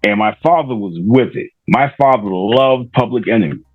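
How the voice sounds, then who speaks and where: A middle-aged man from Rhode Island tells stories in a loose, rambling way, full of fillers and restarts. His voice sits at an ordinary pitch and comes through a thin, phone-like line. Faint music plays underneath. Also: moderate pace, dry recording. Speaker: podcaster guest. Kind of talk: casual interview storytelling.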